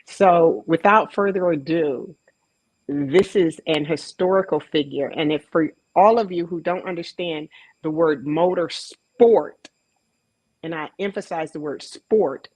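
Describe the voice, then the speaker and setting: Low-pitched woman, slow storyteller, host introducing a guest; dry recording. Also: breathy edge, dry recording, rough recording. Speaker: panel host, track coach. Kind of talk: event introduction speech.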